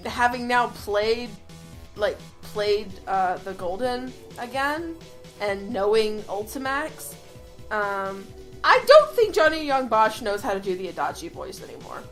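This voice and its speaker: A young woman co-hosting a podcast in casual chat, gushing excitedly and swearing freely. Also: a little high, slow. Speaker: podcast co-host. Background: faint background music.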